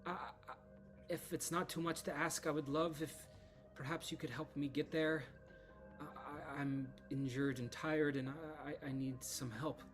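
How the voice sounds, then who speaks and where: A man's voice: on the high side, fairly even intonation, a little slow, soft background music, voice pushed up, close to an everyday voice. A man doing a stammering frightened young woman. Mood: pleading. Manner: stammering, pleading. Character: injured frightened young woman, early twenties.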